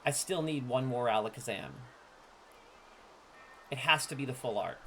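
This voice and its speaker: A man in his thirties chats casually with his stream while opening card packs, at a moderate pace over slight background noise. He swings between loud, boastful trash-talk and low, relaxed asides.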